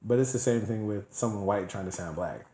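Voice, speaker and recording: Lively and casual, a low-voiced man spins a story for his co-host, jumping into other people's voices and breaking into laughter. The room around him rings with echo. He keeps it loose and conversational throughout. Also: a little fast, slight background noise. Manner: animated storyteller, acts out quotes in voices, laughs often. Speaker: podcast co-host.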